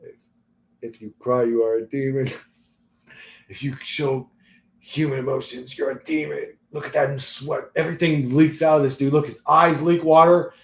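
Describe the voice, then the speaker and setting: A man's voice: mid-range voice, fairly even intonation, normal speed, reverberant, slight background noise. A man hosting his own channel, ranting bluntly and profanely in a casual vlog, laughing often between points. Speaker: channel host.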